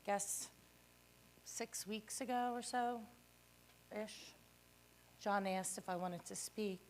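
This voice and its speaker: A woman's voice: medium pitch, fairly even intonation, slow, darkish tone, a little hiss or hum. Modest woman telling her life story. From Philadelphia. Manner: modest and a little nervous, with fillers. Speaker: guest speaker, real estate agent. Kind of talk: personal life story speech.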